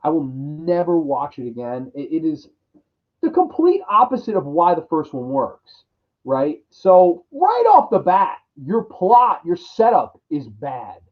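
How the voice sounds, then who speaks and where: A man's voice: a little high, sing-song, measured pace. A man ranting through a crude, exasperated horror movie review, mocking the characters in put-on voices. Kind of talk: profane ranting film review. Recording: dull lo-fi audio.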